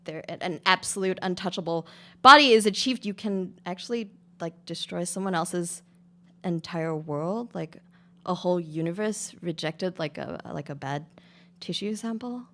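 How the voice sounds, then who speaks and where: Reading her experimental prose aloud before a live audience, this author peppers her casual delivery with plenty of "um" and "like." She has a lowish, bright and forceful voice and keeps a moderate pace.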